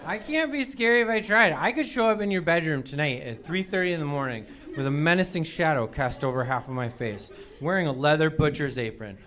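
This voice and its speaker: A man's voice: on the high side, animated, a little fast, few pauses. A man doing a stand-up set on a club stage, goofy and self-deprecating, acting out short bits of dialogue. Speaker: stand-up comedian. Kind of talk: stand-up set before a live audience. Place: comedy club stage with loud laughing crowd. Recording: live club audio with loud crowd laughter.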